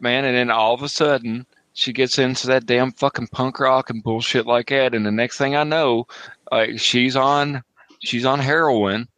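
Guy doing a sweary flustered pawnshop owner, rambling and defensive, bright dry voice. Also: medium pitch, dry recording, poor audio. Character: crude defensive middle-aged male pawnshop owner, a father.

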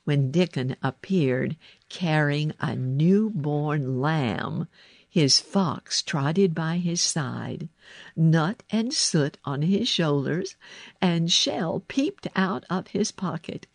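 A woman narrating a children's storybook in a gentle, unhurried reading voice. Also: deep voice, expressive, gravelly, no echo.

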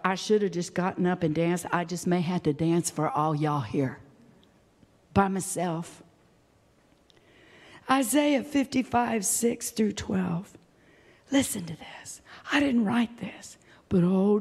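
Impassioned woman preaching in a reverberant hall. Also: medium pitch. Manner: passionate, swings between whispers and shouts. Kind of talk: sermon. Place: church.

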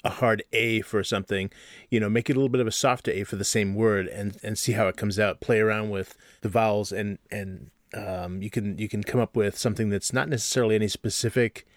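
A man's voice: fairly low pitch, steady tone, fairly quick, no echo, clean studio sound. A man co-hosting a podcast, talking casually with many restarts and fillers. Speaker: podcast co-host. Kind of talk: casual chat.

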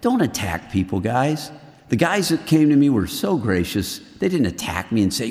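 A middle-aged man preaching to a group of men in a lively, earnest way, swinging between loud and hushed. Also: medium pitch, a little fast, big-room sound. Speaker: men's ministry speaker. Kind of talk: sermon.

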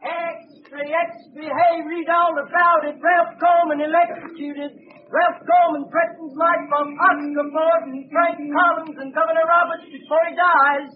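A hawking street newsboy. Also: male voice, extremely high pitch, level tone, measured pace. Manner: hawking calls. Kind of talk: 1930s radio acting. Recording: tinny old radio recording with hiss.

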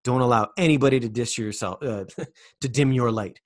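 With a medium-pitched voice at a moderate pace, this vlogger rambles through a spiritual self-help monologue. He is emphatic and profane, repeatedly asking the listener rhetorical questions.

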